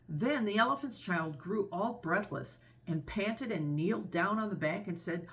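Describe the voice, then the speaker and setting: A woman reading a children's story aloud with expressive, gentle storybook narration. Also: medium pitch, normal speed, few pauses.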